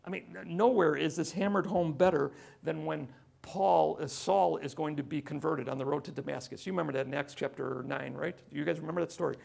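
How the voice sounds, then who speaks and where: Gravelly high-voiced preaching man. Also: a little fast. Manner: conversational preaching, swings from loud emphasis to hushed. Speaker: pastor. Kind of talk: sermon.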